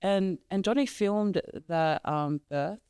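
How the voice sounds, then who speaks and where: A young woman talking as a guest in a casual podcast conversation, halting, with many fillers and restarts. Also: lowish voice, a little mellow, clean tone, no room sound, clean studio sound. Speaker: guest, mother of three.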